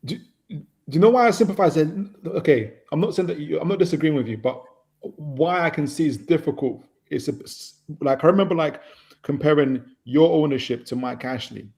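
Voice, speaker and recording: A man's voice: fairly high pitch, fairly quick, gravelly, darkish tone. A man guesting on a casual football chat, rambling through comparisons and analogies.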